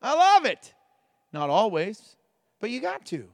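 A man preaching a sermon as pastor, swinging between loud emphasis and hushed storytelling. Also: high-pitched, huge pitch swings, a little slow, no room sound.

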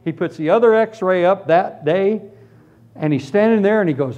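A man preaching and giving his personal testimony, telling it as a lively story and acting out the other people in it. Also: sits high, moderate pace, muffled recording. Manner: animated storytelling, acts out voices. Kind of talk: testimony sermon.

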